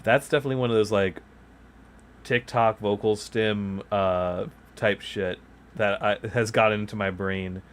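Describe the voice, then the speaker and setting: Here a man streams a game from home, his lowish voice clear and resonant, with fairly even intonation and a measured pace. Into a nearby mic he rambles in casual chat, frequently chuckling and making self-deprecating jokes.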